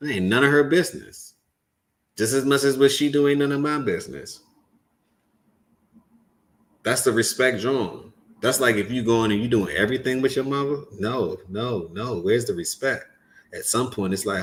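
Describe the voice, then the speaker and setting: Reacting to a clip on his commentary show, a man sermonizes at viewers with animated, preachy energy, speaking English as a second language. His mid-range voice moves at normal speed, with frequent pauses.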